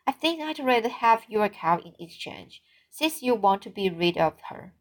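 A woman reading the part of an outspoken, hasty older male farmer, speaking bluntly and briskly. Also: mid-range voice, sing-song, close to an everyday voice, rough recording. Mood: gruff. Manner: blunt, brisk, plain-spoken.

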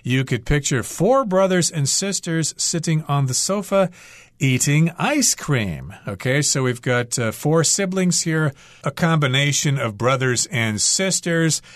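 A man's voice: on the high side, no room sound. Man explaining English words, patient and dry. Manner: patient, repeats key words slowly. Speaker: English teacher co-hosting a radio lesson. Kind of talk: explaining vocabulary with examples.

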